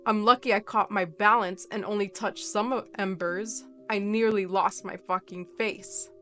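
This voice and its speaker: A woman voicing an angry young man, loud and sneering. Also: mid-range voice, steady tone, normal speed, soft background music, close to an everyday voice. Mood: angry, accusing. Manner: shouting, sneering, cursing.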